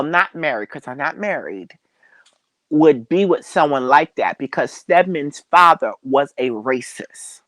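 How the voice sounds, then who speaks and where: A woman's voice: low voice, no echo, poor audio. A woman telling a personal family story as a talk show guest, hesitating and repeating herself with many fillers. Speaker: interview guest.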